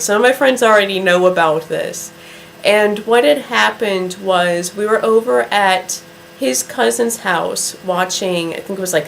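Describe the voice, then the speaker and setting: A woman vlogger telling a story to camera in a chatty, drawn-out way, with many "like" fillers. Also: medium pitch, gravelly, slight background noise, rough recording.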